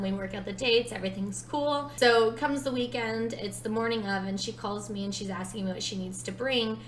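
A woman's voice: fairly high pitch, fairly quick, few pauses, fairly bright tone, echoey room, a little hiss or hum, poor audio. A woman in her twenties telling a personal story in a casual vlog, chatty and full of fillers. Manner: chatty, many "like" fillers, dramatic retelling. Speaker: storytime vlogger.

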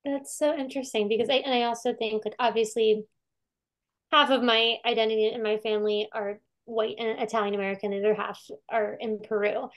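A woman's voice: on the high side, level tone, brisk. A woman curator chatting casually about a film over a video call, talking with many fillers and restarts and acting out quotes.

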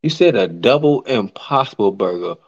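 A man's voice: lowish voice, expressive, normal speed, creaky. Teasing podcast co-host man, muffled sound. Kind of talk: casual banter.

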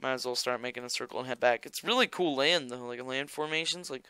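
A man's voice: medium pitch, fast talker, bright, forceful tone, clear, resonant tone, dry recording. A young man rambling through casual gameplay commentary as a gaming YouTuber, joking and talking straight to his viewers. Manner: rambling, jokey, talks to viewers.

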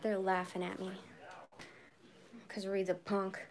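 A middle-aged woman chatting excitedly and frankly on a live phone stream from her home shed. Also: medium pitch, slow, slight background noise. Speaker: purse vlogger. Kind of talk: casual live-stream chat. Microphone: phone camera.

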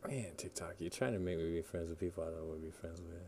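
Deep, gravelly male game streamer. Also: quick pace, dark tone, slight background noise. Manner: rambling, swears, talks to himself while playing. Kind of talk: casual live-stream chat.

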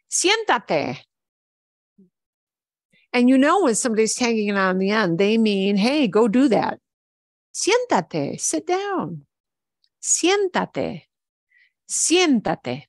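A woman teaches a Spanish lesson at an unhurried pace. She repeats each word patiently for her learners, and her voice sits close and dry on the mic. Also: medium pitch, dry recording. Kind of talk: online language lesson.

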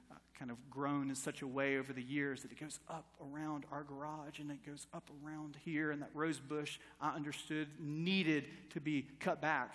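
A pastor in his thirties preaches a sermon in a church sanctuary, telling stories with acted-out quotes and rising to emphatic appeals. His voice is fairly high and a bit bright, heard through long church reverb.

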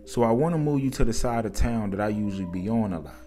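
A man doing a calm, confident big suitor. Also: fairly low pitch, fast, soft background music, close to an everyday voice. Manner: calm, smooth, reassuring.

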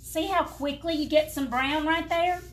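A high-voiced woman from the American South speaks at a normal speed. With a Southern US accent, she chats in a folksy way, talking directly to her viewers during a live furniture-painting demo.

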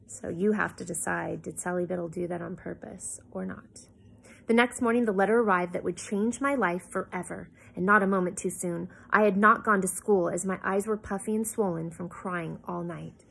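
Woman reading a book out loud at home, husky a bit gravelly, stops to explain stuff. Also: lowish voice. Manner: pauses to explain the story to listeners, corrects slips. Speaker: reading aloud to children. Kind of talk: reading a novel aloud.

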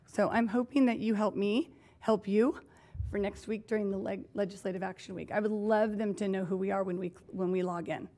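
A woman's voice: medium pitch, fairly even intonation, a little fast, warm tone. A woman school board member giving an earnest, emotional report at a public board meeting, close to tears.

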